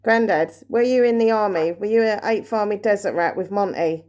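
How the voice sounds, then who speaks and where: Nervous woman hushed on a ghost hunt. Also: medium pitch, brisk. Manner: hushed, nervous, asking questions into the dark. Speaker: paranormal vlogger. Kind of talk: ghost-hunting session vlog.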